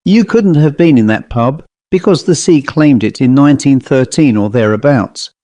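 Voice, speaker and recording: A man voicing a proud, rotund village constable in his thirties with a provincial accent, raised in pitch. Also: normal speed, warm tone, no room sound, natural voice. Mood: inquisitive. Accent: provincial English.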